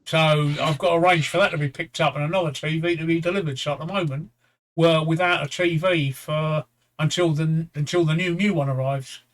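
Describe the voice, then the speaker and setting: A man in his fifties or sixties chats on a livestream in a tired, rambling way. He stops and restarts often and lets the odd swear word slip, and his voice sits a little high for a man. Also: steady tone, a little fast. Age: 50s-60s. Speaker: livestream co-host. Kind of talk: casual chat.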